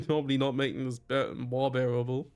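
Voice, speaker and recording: A man's voice: medium pitch, little pitch movement, normal speed, a little mellow, clean tone. A man with a German accent streaming a game, enthusiastic and self-deprecating, reading text aloud. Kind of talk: let's-play commentary and reading aloud.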